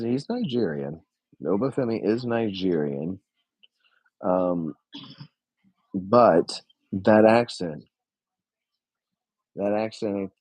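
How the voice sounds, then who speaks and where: A man doing casual live reaction commentary from a home streaming setup, excitable and blunt, with long drawn-out oohs and casual swearing. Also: low voice, dry recording, dull audio.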